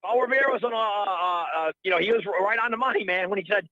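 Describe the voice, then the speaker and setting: Calling in to a radio program, a middle-aged man rants with indignant heat, rambling and saying the same things over again. His high voice comes through brisk on phone-quality sound without echo.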